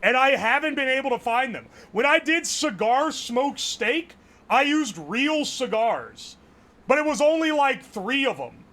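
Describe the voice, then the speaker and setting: A man streaming live, chatting casually, loud and profane, yelling nearly every phrase. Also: extremely high pitch, big pitch swings, measured pace. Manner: brash and profane. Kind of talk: casual livestream chat.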